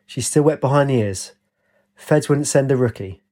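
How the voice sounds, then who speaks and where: A man voicing a gruff, calm ex-soldier who speaks bluntly. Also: medium pitch, moderate pace, natural voice. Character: gruff weary male ex-soldier.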